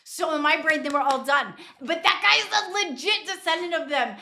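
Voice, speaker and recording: Woman podcast host, high bright voice, giggly and sweary, super casual. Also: normal speed, gravelly. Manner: giggly, blunt and profane. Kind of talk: casual chat reacting to clips.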